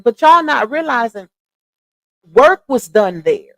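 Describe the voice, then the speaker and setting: A woman's voice: on the high side, animated, normal speed, dry recording. A young woman hosting a casual livestream, speaking in in an outspoken, emphatic way and addressing her viewers directly. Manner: opinionated, emphatic, talks straight to viewers. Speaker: live stream host.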